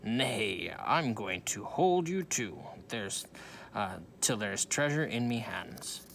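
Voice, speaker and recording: A man reads as a bullying pirate captain from a storybook, growling his orders slowly and roaring them out. The voice swings widely in pitch. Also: expressive, creaky, fairly bright tone, slight background noise, exaggerated voice. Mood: gruff. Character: gruff bullying adult male pirate captain. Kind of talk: storybook read-aloud.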